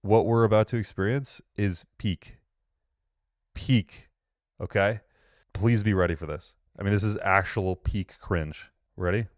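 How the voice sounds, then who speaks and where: A man's voice: lowish voice, a little slow, dry recording, studio quality. A man hosting a casual reaction commentary, sarcastic and loose, often laughing and swearing. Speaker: host reacting to videos.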